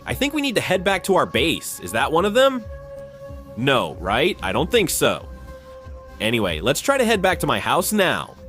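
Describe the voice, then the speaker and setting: A gaming channel host gives excitable, jumpy play-by-play of a Minecraft survival game, his fairly high voice bouncing up and down. He swings from calm remarks to quick, alarmed shouts while soft music plays underneath.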